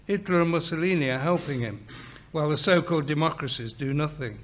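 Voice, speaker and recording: A man reading aloud voices a passionate young woman who explains the politics briskly and firmly. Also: fairly high pitch, close to an everyday voice. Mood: explaining.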